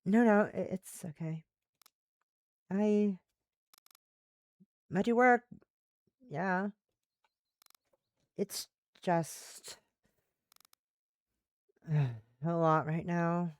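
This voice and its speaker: A woman voicing a weary, withdrawn young woman in a visual novel, speaking quietly and hesitantly. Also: on the low side, drawn-out words, pauses often, clear, resonant tone, dry recording. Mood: subdued.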